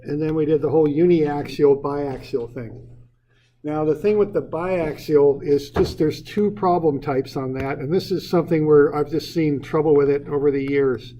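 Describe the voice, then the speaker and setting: A man's voice: a little high, fairly even intonation, normal speed, warm tone, muffled recording, slight background noise. A man teaching an engineering class in an informal way, often repeating words and putting questions to the students. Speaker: engineering instructor. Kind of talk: classroom lecture.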